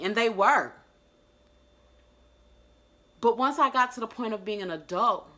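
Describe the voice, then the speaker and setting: A young adult woman vlogging a personal reflection, earnest and emotional, sometimes dropping into soft, gentle self-talk. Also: mid-range voice.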